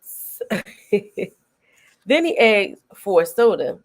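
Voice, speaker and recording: Middle-aged woman, host, casual film chat, animated, laughs a lot, medium pitch. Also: slow. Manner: animated, laughs often while retelling scenes.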